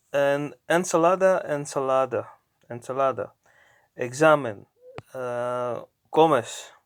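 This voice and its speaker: A man narrating his own language lessons, talking slowly and haltingly and often correcting himself. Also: a little high, no room sound. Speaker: language learner. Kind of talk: narrating app lessons aloud.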